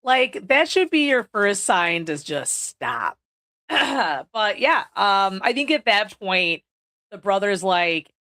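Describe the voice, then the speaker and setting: A woman's voice: medium pitch, big pitch swings, slow pace, sharp tone. Casual, foul-mouthed woman podcast host. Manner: casual, swears freely, leans on "like". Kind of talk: casual horror movie review. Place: indoors, recording on video.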